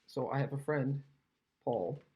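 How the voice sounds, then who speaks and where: A woman's voice: very deep voice, a little slow, mellow, husky. A woman from Canada chatting casually while demonstrating card-making, rambling and self-deprecating, recovering from an illness. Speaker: craft demonstrator.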